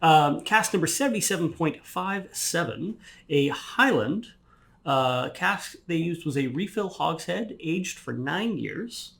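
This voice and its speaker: A man co-hosting a whisky tasting, briskly reading out tasting notes. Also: on the high side, lively intonation, gravelly, fairly bright tone.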